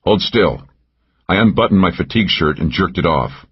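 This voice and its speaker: A man's voice: deep voice, animated, fast talker, husky, muffled recording. A man narrating a first-person thriller audiobook, tense and driving in action scenes.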